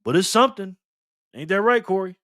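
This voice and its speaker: Animated, slangy man streaming live. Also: high-pitched, a little fast, no room sound, studio quality. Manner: slangy, playful, chatty with viewers. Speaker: livestream host reading donations. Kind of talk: casual livestream chat.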